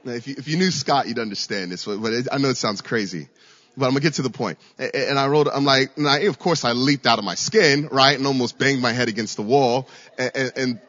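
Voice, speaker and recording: A man's voice: mid-range voice, fast. A man from Virginia preaching a sermon, telling a story with stammered repeats and sudden raised passages. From Virginia, USA. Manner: storytelling, with frequent stammered repeats and rising shouts. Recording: echoey hall, dull lo-fi sound.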